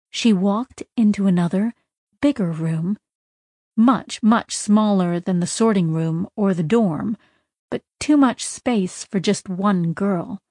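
A woman's voice: medium pitch, dark tone, dry recording, clean studio sound. A woman narrating a story in a tense, dramatic reading style with urgent bursts. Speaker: audiobook narrator.

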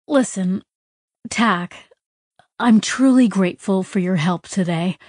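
A woman's voice: mid-range voice, slow pace, a little mellow, dry recording, studio quality. Woman voicing an apologetic, careful adult woman. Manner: careful, apologetic, eager to please.

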